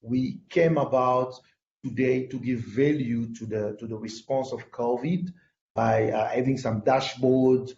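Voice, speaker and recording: A man's voice: mid-range voice, steady tone, measured pace, darkish tone, roomy sound, lo-fi sound, a little hiss or hum. A man with a French accent, a native French speaker, speaking on an online panel with many hesitations and restarts over a video call.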